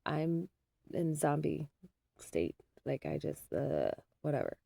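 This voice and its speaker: A woman's voice: deep voice, sing-song, takes it slowly, vocal fry, mellow, no echo. A woman telling a story as a mother, in a casual, rambling, self-deprecating way with lots of fillers.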